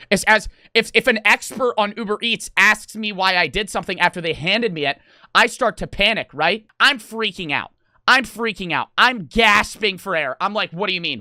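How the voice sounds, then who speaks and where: A young man streamer telling an animated story, excitable, swearing a lot and talking in rapid, emphatic bursts. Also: high voice, dry recording, studio quality. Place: gaming house room.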